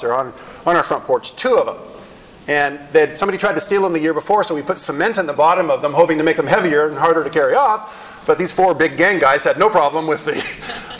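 A middle-aged male pastor telling stories in a sermon, animated and wryly self-deprecating. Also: a little high, poor audio. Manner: animated storyteller with wry self-deprecating humor. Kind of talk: sermon storytelling.

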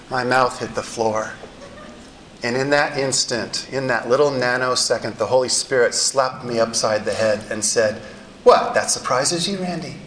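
A middle-aged male pastor telling stories in a sermon, animated and wryly self-deprecating. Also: mid-range voice, slight background noise, rough recording. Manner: animated storyteller with wry self-deprecating humor. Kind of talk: sermon storytelling.

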